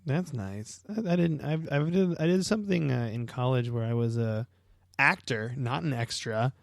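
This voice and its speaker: A man's voice: medium pitch, normal speed, vocal fry, no echo, clean studio sound. A young adult man co-hosting a podcast, joking and teasing in casual banter. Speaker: podcast co-host. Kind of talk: casual chat.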